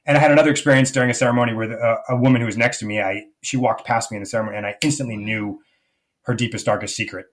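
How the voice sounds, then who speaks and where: A man's voice: medium pitch, steady tone, rapid-fire. A man being interviewed as a guest, a life coach telling a personal story earnestly, with many fillers.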